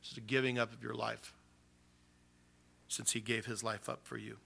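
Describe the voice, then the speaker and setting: A man preaching a sermon with a bright, forward voice. He keeps it animated and uses casual slang as he teaches. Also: mid-range voice, moderate pace, gravelly, slightly rough. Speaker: pastor.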